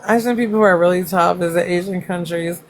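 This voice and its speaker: A woman's voice: lowish voice, fast. A woman hosting a casual livestream, chatting and reacting to comments, laughing often and swearing freely. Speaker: livestream host.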